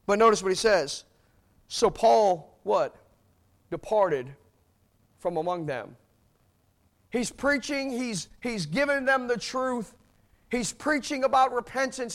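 Male preacher, very high voice, emphatic and repetitive sermon delivery. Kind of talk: sermon with scripture reading.

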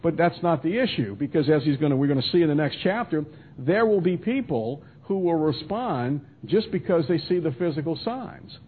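A man's voice: on the high side, a little hiss or hum. A man teaching verse by verse through a Bible passage in a conversational manner with frequent restarts and asides, heard as a radio broadcast. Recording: tinny phone-line radio broadcast.

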